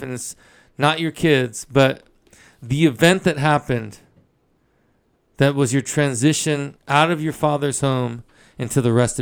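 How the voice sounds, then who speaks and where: A man's voice: mid-range voice, gravelly, clean tone. A man hosting a podcast, sincere and asking his guest to share a story. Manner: sincere, reacting with short exclamations. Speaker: podcast host. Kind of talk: casual interview.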